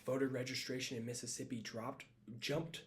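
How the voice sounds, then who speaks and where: A man's voice: mid-range voice, level tone, normal speed, slight background noise. Man reading a class presentation. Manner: reads from a script with small slips and self-corrections. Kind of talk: read-aloud class presentation.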